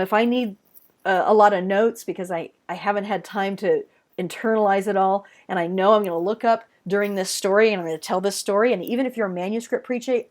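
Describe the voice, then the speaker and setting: A woman teaching worship design in a webinar, talking casually and emphatically, stretching key words and speaking straight to her listeners. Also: medium pitch. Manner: conversational, addressing listeners directly.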